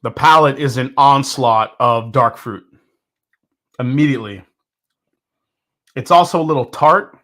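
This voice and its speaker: A man hosting a live whiskey tasting, talking in a rambling, excitable way with lots of fillers and restarts. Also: medium pitch, a little slow, long pauses. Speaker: whiskey reviewer, host. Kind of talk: casual live tasting review.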